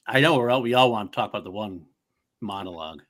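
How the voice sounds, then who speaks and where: A man co-hosting a casual movie debate show, laughing often and acting out lines in a high voice. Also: lively intonation, fast, a bit bright. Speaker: podcast co-host.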